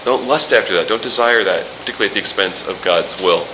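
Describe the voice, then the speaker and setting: A pastor giving a sermon, lively and joking, throwing rhetorical questions at the congregation. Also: male voice, on the low side, fast talker, reverberant, noisy background. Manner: animated, jokey preaching with rhetorical questions.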